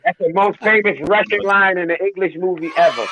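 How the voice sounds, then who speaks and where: A man's voice: high-pitched, brisk, noisy background. An American man in casual group chat, brash and teasing, swearing freely. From United States. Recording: tinny phone-like line.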